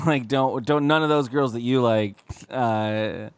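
A man's voice: medium pitch, takes it slowly, clean tone, no echo. A man co-hosting a podcast, chatting casually with lots of fillers, swearing and mock indignation. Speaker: podcast co-host. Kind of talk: casual chat.

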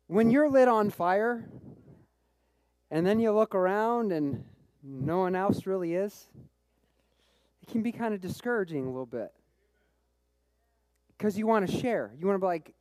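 A man preaching a sermon as pastor, telling a personal story with bursts of excitement and frequent repeated words. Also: high-pitched, no room sound. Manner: repeats words when restarting phrases.

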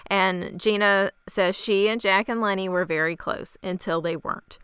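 A woman's voice: mid-range voice, fairly even intonation, moderate pace, fairly bright tone, clean tone, dry recording. A woman hosting a podcast, casually recapping an episode from her notes in a chatty, wry way. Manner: chatty and wry, laughs easily. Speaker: podcast host.

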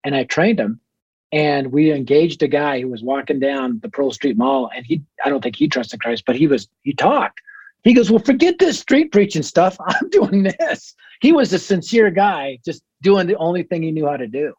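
A man, a ministry leader as guest on a podcast interview, who tells energetic stories and acts out conversations. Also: fairly high pitch, normal speed, slightly rough, no echo, dull audio. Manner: energetic storyteller acting out conversations.

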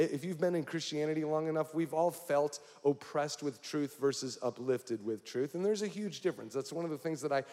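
A man's voice: on the high side, a little mellow. A male pastor preaching a sermon, speaking directly to the congregation with frequent questions. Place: church hall. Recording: long hall reverb.

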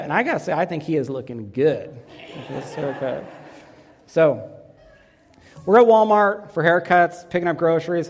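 Earnest pastor preaching in a reverberant hall. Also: male voice, on the high side, a little hiss or hum. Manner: earnest, storytelling with light humor. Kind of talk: sermon. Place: church sanctuary.

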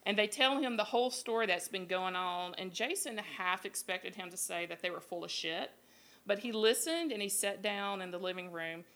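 A woman hosting a live podcast, retelling a scary campfire tale in a casual, profane, animated way with quoted voices. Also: medium pitch, normal speed. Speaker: podcast host. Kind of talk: casual storytelling. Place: live show at a beer garden.

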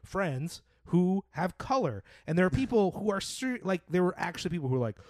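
A man's voice: high-pitched, expressive, brisk, hardly any pauses, darkish tone, no echo, studio quality. A man in casual podcast chat, blunt and sarcastic, swearing now and then. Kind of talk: casual chat about movies.

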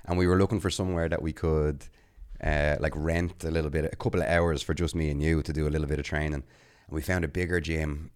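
A man's voice: extremely low pitch, flat delivery, fast, hardly any pauses. A man, co-hosting a podcast, telling a story in a chatty way and laughing often. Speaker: podcast co-host. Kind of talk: casual podcast chat.

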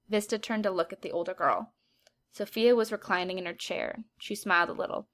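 A woman's voice: mid-range voice, fairly even intonation, moderate pace, a bit bright. Woman narrating a story aloud.

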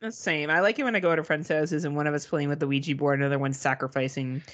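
A woman's voice: sits low, fairly even intonation, quick pace. A woman co-hosting a podcast, telling a story in casual, profane chat and mimicking beeping gadgets. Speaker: podcast co-host.

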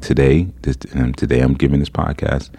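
A man hosting a podcast, telling a story in a casual, animated way, incredulous and laughing at times. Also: extremely low pitch, fairly quick, gravelly, slightly rough. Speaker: podcast host.

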